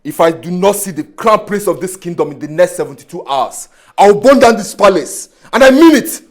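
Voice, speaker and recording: A man's voice: sits high, expressive, brisk, darkish tone. A man playing a defiant prince who refuses the throne and threatens, with a Nigerian accent. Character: hot-headed prince threatening to burn the palace.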